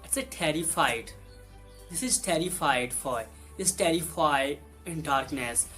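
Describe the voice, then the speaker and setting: Slow man repeating vocabulary words. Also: a little high, animated, fairly bright tone, faint music behind. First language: Hindi. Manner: slow, says each word twice, simple broken English. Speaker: English vocabulary teacher.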